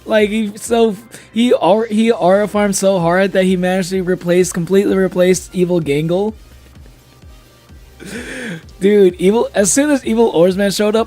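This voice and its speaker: A man's voice: high-pitched, fairly even intonation, moderate pace, darkish tone, soft background music. A man streaming live in casual chat, a little tipsy from drinking, who laughs often and swears freely.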